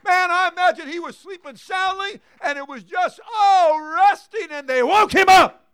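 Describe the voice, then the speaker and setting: High-voiced fervent male preacher. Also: moderate pace, dry recording, studio quality. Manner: fervent, swinging from quiet to shouting; calls for congregation response. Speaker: pastor. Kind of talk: sermon.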